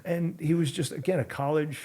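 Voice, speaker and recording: A man's voice: a little high, a little fast. Fifty-something man telling a rambling story. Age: 50s. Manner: animated, rambling storyteller who acts out quotes. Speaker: podcast guest. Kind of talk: casual storytelling.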